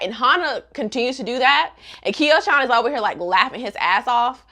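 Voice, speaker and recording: A young woman vlogger giving a casual, gossipy recap in an animated, slangy way. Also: on the high side, a little fast.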